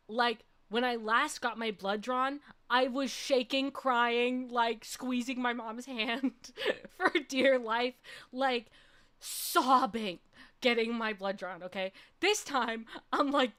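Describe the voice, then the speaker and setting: A woman's voice: a little high, fairly bright tone. A young adult woman streamer telling a personal story in casual chat, laughing often and ending points with "okay?". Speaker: vtuber streamer.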